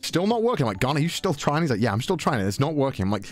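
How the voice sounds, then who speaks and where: Animated swearing British man telling a story. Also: fast talker, hardly any pauses, faint music behind. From Britain. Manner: swearing, mimics voices, high-pitched exclamations. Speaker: podcast storyteller.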